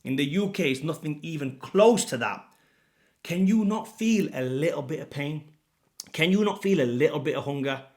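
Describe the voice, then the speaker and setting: A young man coaching fitness rants straight to camera, his voice sitting a little high. He is blunt and exasperated, slipping into low muttered asides before bursting out loud again. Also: expressive, moderate pace. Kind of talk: impassioned rant to camera.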